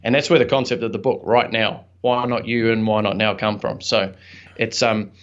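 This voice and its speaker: A man's voice: on the low side, steady tone, moderate pace. A young man, a podcast guest and entrepreneur, telling a personal story in an earnest, reflective, chatty way with some fillers. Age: young adult. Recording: slightly dull lo-fi audio.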